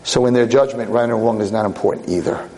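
A man giving voice to God, answering gently and calmly. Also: fairly low pitch, quick pace, in a large hall, voice pushed down, close to an everyday voice.

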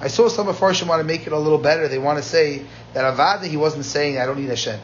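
A man's voice: on the high side, fast talker, dull audio, slight background noise. A man teaching a Talmud class, telling the story with energy and switching between Aramaic quotes and plain English. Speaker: Talmud lecturer.

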